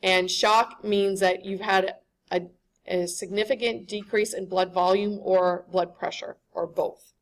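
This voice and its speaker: A woman's voice: medium pitch, fairly even intonation, unhurried. A woman giving a classroom lecture, conversational and often checking in with the students.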